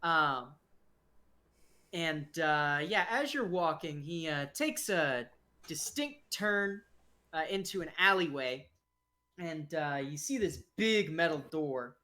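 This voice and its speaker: A man narrating a tabletop game as game master, relaxed and rambling, with lots of fillers. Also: fairly high pitch, slow.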